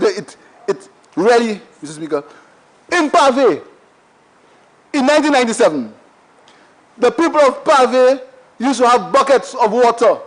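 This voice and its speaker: Man, Saint Lucian accent, very high voice, parliamentary debate speech, emphatic and repetitive. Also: poor audio. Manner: emphatic oratory, heavy repetition, keeps addressing the Speaker. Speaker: member of parliament. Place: parliament chamber.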